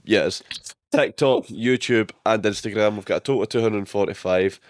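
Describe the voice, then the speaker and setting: A man's voice: lowish voice, normal speed, dry recording, clean studio sound. A young man co-hosting a podcast, teasing his friend and swearing often in casual banter. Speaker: podcast co-host.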